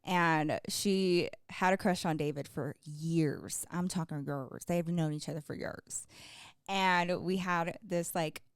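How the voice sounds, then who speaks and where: Speaking slowly in a lowish, clear and resonant voice, a young adult woman co-hosts a podcast, animatedly recounting stories, acting out quotes and laughing frequently. The studio-quality audio has no room sound.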